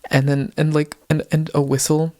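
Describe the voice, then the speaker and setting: A man's voice: on the high side, little pitch movement, moderate pace, noisy background. A young man, a podcast co-host, recapping a story casually with lots of "like" and "um". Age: young adult. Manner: rambling, heavy use of "like" and "um".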